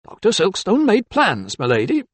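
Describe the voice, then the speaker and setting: A small, anxious apothecary, as a male narrator voices him, grave and careful, pitched above the reader's own voice. The storybook reading is close and dry. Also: huge pitch swings, moderate pace, no echo, heavily acted.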